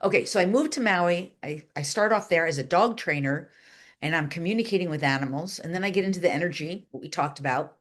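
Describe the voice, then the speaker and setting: A woman being interviewed, telling a long story in a chatty, animated way, with lots of "like" and voices acted out in quotes. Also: lowish voice, fast talker. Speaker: guest, channeler and animal communicator.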